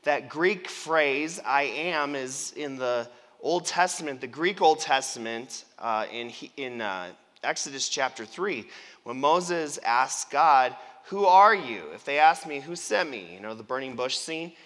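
A man's voice: medium pitch, animated, a little slow, fairly bright tone. A man preaching a sermon as pastor, conversational and playful, drawing the congregation in. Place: church sanctuary. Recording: long church reverb.

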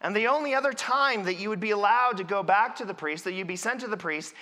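Speaking quickly in a high, pushed, bright voice, a man tells his story as a Samaritan leper in a sermon monologue. He delivers it earnestly and with emphasis. Long reverb from a large hall surrounds him.

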